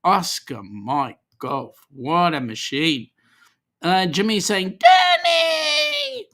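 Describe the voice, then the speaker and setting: A man's voice: on the high side, very animated, slow, pushed and bright. An Australian man hosting a casual livestream, reading viewer comments aloud in a chatty, easygoing way with lots of ums. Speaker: livestream host.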